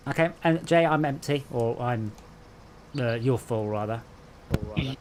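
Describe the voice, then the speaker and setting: Male streamer host, mid pitch, chatty and profane, voice call with faint noise. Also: moderate pace. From England. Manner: rambling, sweary, animated storyteller. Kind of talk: casual gaming chat.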